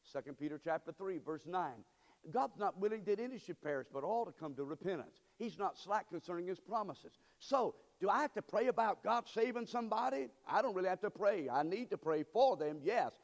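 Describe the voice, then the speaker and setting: A man preaching a sermon as pastor, swinging between calm teaching and sudden loud, emphatic bursts. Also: high voice, fairly quick, in a large hall. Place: church sanctuary.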